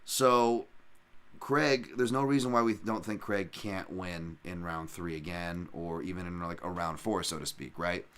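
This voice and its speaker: A man's voice: sits low, a bit bright. Rambling man breaking down fights. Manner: rambling, self-correcting, lots of fillers and asides. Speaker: podcast host and fight analyst. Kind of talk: casual podcast analysis.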